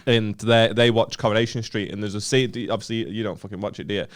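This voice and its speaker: Northern English co-host, smooth lowish voice, dry and grumbling. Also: male voice, fairly even intonation, fast. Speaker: podcast co-host. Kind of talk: casual chat.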